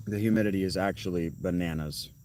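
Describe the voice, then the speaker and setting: A man's voice: sits low, fast talker, a little mellow, slight background noise, poor audio. A man live streaming from outside his tent, chatting casually with viewers in a rambling way, often restarting and correcting himself. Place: outdoors at a tent.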